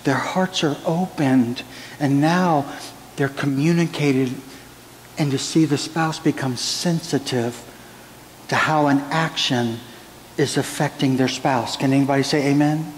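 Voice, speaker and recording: A man's voice: mid-range voice, measured pace. A man preaching a sermon as pastor, moving between prayer and counseling stories in an earnest way. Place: church sanctuary. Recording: church hall reverb, faint room noise.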